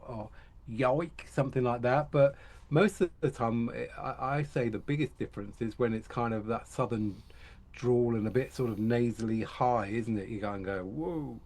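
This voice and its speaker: A man's voice: mid-range voice, normal speed, mellow. A British man co-hosting a reaction video, jokey and rambling with restarts. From Britain. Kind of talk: casual reaction chat.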